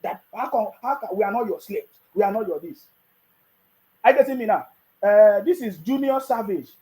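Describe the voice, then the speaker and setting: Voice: mid-range voice, expressive, moderate pace, dark tone, rough recording. A speaker with a Nigerian accent giving casual political commentary to the camera. The speaker fires off mocking rhetorical questions, chuckles between points, and keeps checking in with "you understand me?".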